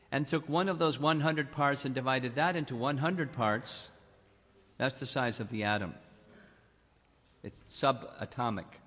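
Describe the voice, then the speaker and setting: A man giving a devotional lecture as a monk, speaking slowly and deliberately with long pauses between phrases. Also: mid-range voice, a bit bright. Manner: slow, measured, with long pauses. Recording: long hall reverb.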